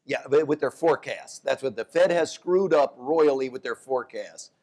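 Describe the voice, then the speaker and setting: A man, an economics professor, talking economics onstage at a live event, animated, often restarting his sentences. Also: normal speed. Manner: animated storyteller, jumps to high voices for quotes; restarts and self-corrections. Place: downtown event hall with live audience.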